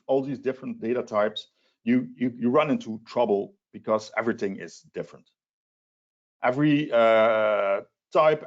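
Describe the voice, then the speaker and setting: Man at mid pitch, presenting a webinar, halting and repetitive, dull lo-fi call audio. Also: darkish tone. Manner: hesitant, many restarts and fillers. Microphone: video call.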